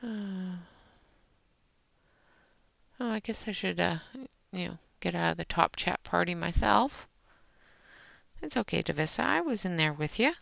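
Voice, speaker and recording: A woman's voice: lowish voice, animated, measured pace, vocal fry, long pauses, a bit bright, no room sound. A woman hosting a live colouring stream, chatting casually with viewers while she works. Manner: chatty, talks to viewers in chat while working. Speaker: livestream host. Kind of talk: casual livestream chat while demonstrating colouring. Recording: dull lo-fi stream audio.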